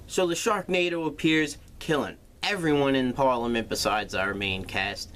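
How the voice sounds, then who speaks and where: Dude recapping a movie plot, sarcastic and sweary, casual chat. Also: male voice, mid-range voice, normal speed, a bit bright. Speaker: movie reviewer.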